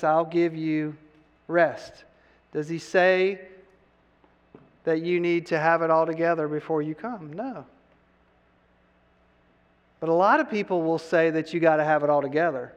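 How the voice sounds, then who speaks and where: Animated man preaching in a reverberant hall. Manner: asks the listeners questions and has them answer aloud; animated, pitch rising on key words then dropping low and soft. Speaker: pastor. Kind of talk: sermon.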